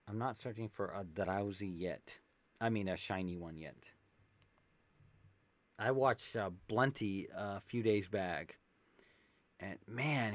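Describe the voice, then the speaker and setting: A man streaming a video game, chatting casually and reading game text aloud with jokey asides, on a desk microphone. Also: lowish voice. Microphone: desk USB microphone with pop filter.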